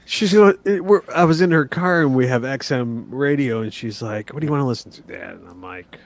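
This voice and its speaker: A man's voice: medium pitch, a little fast, gravelly. A man and father, hosting a casual chat and telling a rambling story full of acted-out quotes. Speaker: host.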